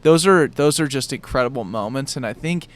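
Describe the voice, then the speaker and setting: A man's voice: medium pitch, animated, brisk. A young man hosting a podcast, chatting in an enthusiastic, loose and rambling way. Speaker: podcast host. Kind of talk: casual conversation.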